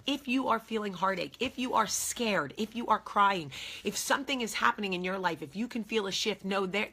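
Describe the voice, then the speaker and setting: A woman in her forties speaks straight to her viewers with earnest conviction and often repeats her key phrases for emphasis. Her voice is husky and slightly rough, yet it carries a bright, forceful edge. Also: mid-range voice. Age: 40s. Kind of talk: heartfelt casual talk to camera.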